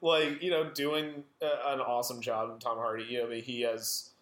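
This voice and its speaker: A man's voice: mid-range voice, little pitch movement, normal speed, a bit bright. Enthusiastic man in an echoey room. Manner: enthusiastic, rambling, laughs often. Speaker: podcast co-host. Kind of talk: casual film discussion. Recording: roomy echo.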